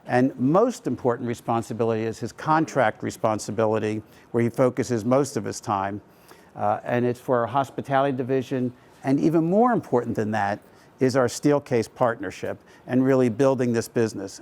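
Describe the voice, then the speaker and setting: A man's voice: mid-range voice, a little mellow. A middle-aged man, a company co-founder, speaking at a live event in a conversational storytelling way with frequent fillers. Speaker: company co-founder giving a talk.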